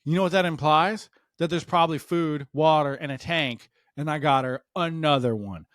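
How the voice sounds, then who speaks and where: Brief: male comedian, dry close mic, animated storyteller who voices each character. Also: on the high side, normal speed, no echo. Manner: animated, acts out the voices of the people in his story. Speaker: stand-up comedian.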